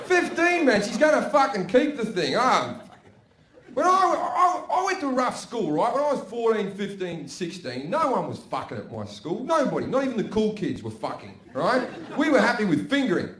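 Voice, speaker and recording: Aussie guy doing profane stand-up, loud then muttering, echoey theater with laughs in the background. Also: background noise. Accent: Australian. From Australia. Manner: brash, profane, swings between loud bursts and low mutters. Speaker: stand-up comedian. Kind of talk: stand-up comedy. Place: theater with a balcony, live audience. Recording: roomy live stage recording with audience laughter.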